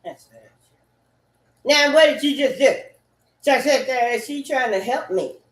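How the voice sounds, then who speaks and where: A woman ranting in a loud, profane, repetitive way, swinging between loud bursts and low mutters. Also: normal speed. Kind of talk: animated rant. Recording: echoey room.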